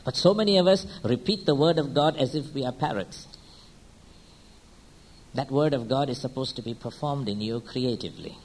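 Preacher firing rhetorical questions at his flock. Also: rough recording. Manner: keeps asking the congregation rhetorical questions and checking with "hmm?" and "huh?"; swings between quiet, slow lines and loud, high-pitched bursts. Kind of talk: sermon.

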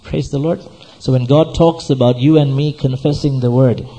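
A man preaches with a husky, slightly breathy voice and a dark, mellow tone. He exhorts his listeners in a sermon, repeating phrases and firing questions at them. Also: mid-range voice, steady tone, normal speed, low-quality recording. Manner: exhorting, repetitive, asks the audience questions. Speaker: pastor.

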